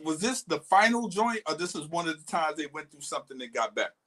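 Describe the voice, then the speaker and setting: A man's voice: on the high side, sing-song, quick pace, a bit bright. A man co-hosting a live-streamed chat show, laid-back and blunt, joking with his co-host. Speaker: podcast co-host.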